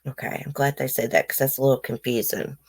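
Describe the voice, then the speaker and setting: Low-voiced woman, blunt livestream chat. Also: fast talker, slight background noise. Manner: blunt, opinionated, chatty with viewers. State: toothache, swollen face. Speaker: livestream host. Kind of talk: casual livestream commentary, reading news aloud.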